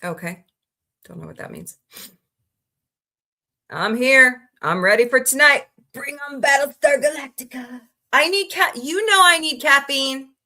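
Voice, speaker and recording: Bright-voiced chatty woman streamer from Missouri. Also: high voice, a little slow, long pauses. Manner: chatty, rambling, greets viewers and reacts to chat. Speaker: livestream host. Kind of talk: casual livestream chat.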